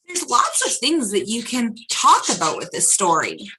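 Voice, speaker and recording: A woman's voice: a little high, moderate pace, a little hiss or hum, poor audio. A woman hosting a children's storytime, reading a picture book aloud and asking the kids questions as she goes. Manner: animated, asks the children questions.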